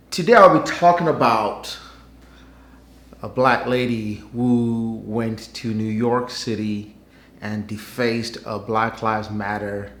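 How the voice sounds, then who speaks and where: A man's voice: fairly low pitch, a bit bright. A man hosting his own channel, giving wry, skeptical commentary in a conversational way. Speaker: channel host. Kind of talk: news commentary vlog. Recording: roomy, echoey room.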